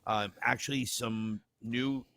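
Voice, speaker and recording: A man's voice: medium pitch, slow pace, creaky, slight background noise. A man co-hosting a casual podcast, telling self-mocking stories with lots of restarts. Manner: animated, self-mocking storyteller with many restarts. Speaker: podcast co-host. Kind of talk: casual chat.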